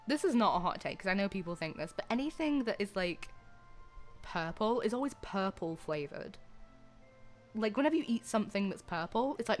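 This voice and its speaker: A young woman chatting playfully with her stream viewers, rambling and giggling. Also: mid-range voice. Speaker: livestreamer. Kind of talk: casual chat with viewers.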